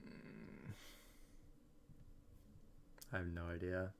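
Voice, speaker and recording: Young male streamer, casual and glum, slightly low and gravelly, faint noise behind. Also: normal speed. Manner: glum, repeats his phrases. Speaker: live streamer. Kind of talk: casual live-stream chat.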